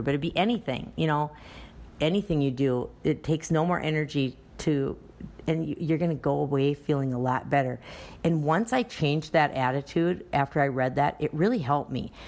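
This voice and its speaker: Woman, low pitch, dance studio owner, casual podcast talk, chatty, anecdotal. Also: darkish tone. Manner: chatty, anecdotal, restarts often.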